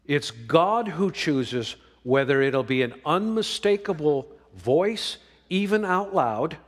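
A man preaching a sermon, swinging between emphatic lines and hushed ones. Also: on the high side, animated, takes it slowly, hardly any pauses. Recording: long reverb of a large hall.

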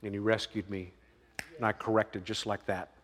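A man preaches in a relaxed, talky way, pushing his voice up for emphasis and checking in with his listeners. His voice rings out with the long reverb of a large hall. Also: on the low side, moderate pace. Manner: conversational preaching with emphatic rises and "right?" asides. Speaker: pastor. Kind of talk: sermon.

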